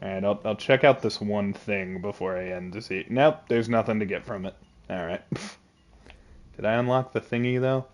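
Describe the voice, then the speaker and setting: A man's voice: fairly low pitch, normal speed. Joking, laughing male game streamer. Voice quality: laughs often, jokey and animated. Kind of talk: casual live-stream gaming chat.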